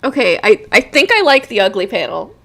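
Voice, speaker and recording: A woman's voice: medium pitch, sing-song, brisk, vocal fry, bright, forceful tone. A woman chatting on a live stream while working on her comics, giggly and self-deprecating. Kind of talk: casual live-stream chat.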